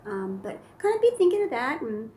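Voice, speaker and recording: A woman speech therapist giving casual tips to caregivers, relaxed and chatty with plenty of fillers. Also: high-pitched, fairly quick, a little hiss or hum. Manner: relaxed, chatty, many fillers, demonstrates silly sounds. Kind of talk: casual instructional talk to camera.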